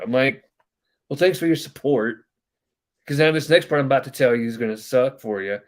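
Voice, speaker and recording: A man's voice: mid-range voice, animated, brisk. A man hosting a podcast, telling a long family story in casual chat, rambling with many fillers and acting out quoted voices. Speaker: podcast host.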